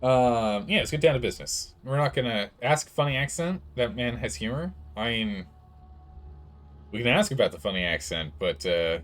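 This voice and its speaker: A man's voice: mid-range voice, animated, moderate pace, a bit bright. A man streaming a video game, giving rambling commentary with laughing asides. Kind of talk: let's play commentary.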